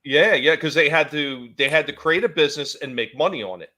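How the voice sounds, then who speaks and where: A man chatting casually about bands in a relaxed, halting way, often chuckling. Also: a little high. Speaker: podcast co-host. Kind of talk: casual chat.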